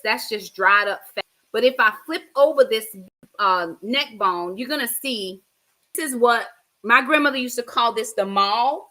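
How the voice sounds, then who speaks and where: A middle-aged woman from the United States cooks at home for a casual cooking vlog, chatting and giving her viewers blunt, friendly advice. Her voice is a little high with a sharp tone. She's positioned a bit far from the mic.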